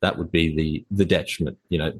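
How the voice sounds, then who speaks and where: A male fitness coach speaks on a podcast in an intense, blunt, motivational way. He talks quickly in a low voice, and the recording is dry and close. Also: fairly even intonation, husky, no room sound. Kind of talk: casual interview chat.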